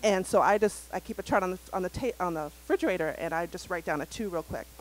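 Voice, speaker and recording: A woman's voice: on the low side, fast, poor audio. A woman on a live community panel, telling a story animatedly and acting out the quotes. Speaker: parent panelist. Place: community center event.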